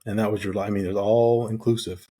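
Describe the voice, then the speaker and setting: A man's voice: on the low side, fast talker. A middle-aged man from the United States, a guest on an interview, telling his story casually and acting out the dialogue he quotes. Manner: animated storyteller who acts out quoted dialogue. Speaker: guest, retired Navy SEAL.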